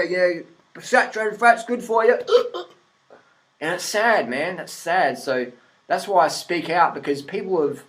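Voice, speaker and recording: High-voiced Australian man ranting bluntly. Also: low-quality recording. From Adelaide, South Australia. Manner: blunt, sarcastic, swearing, laughs often. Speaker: vlogger. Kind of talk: profane rant-style commentary.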